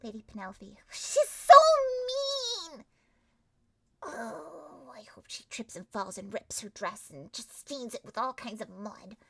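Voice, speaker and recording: A woman streaming a visual novel, reading it aloud and reacting with animated, theatrical comments. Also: medium pitch, moderate pace, hardly any pauses, husky, dry recording, faint music behind.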